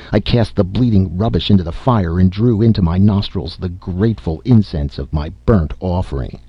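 Deep gravelly-voiced male storyteller. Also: no room sound. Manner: measured, dramatic storytelling. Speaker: narrator. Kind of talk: storybook reading. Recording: slightly dull lo-fi recording.

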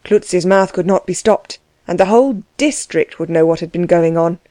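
A woman narrating a novel in a steady, measured reading. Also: lowish voice, dry recording. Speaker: audiobook narrator. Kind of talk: scripted narration.

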